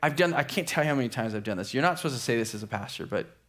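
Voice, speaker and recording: Animated male pastor telling a story. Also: medium pitch, very fast. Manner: animated storyteller acting out quotes. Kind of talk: sermon storytelling.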